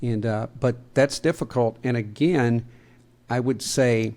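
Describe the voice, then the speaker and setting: A man's voice: medium pitch, measured pace, darkish tone. A man with a Southern American accent co-hosting a podcast, chatting casually, joking and laughing often. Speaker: podcast co-host.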